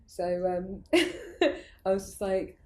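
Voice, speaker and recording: A woman's voice: mid-range voice, expressive, very slow. A young adult woman, a guest on an interview, telling stories in a rambling, casual way full of fillers and restarts, often laughing. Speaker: guest, arts project founder. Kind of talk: casual conversational storytelling.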